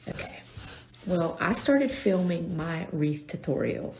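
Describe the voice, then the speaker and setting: A woman's voice: lowish voice, expressive, slow pace, darkish tone, slight background noise. A woman telling a self-deprecating story to camera as a lifestyle vlogger. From North Carolina, US. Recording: echoey room.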